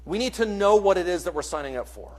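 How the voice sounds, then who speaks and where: A man preaching a sermon in a church, earnest and questioning, swinging between soft and loud. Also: high-pitched, expressive, fast.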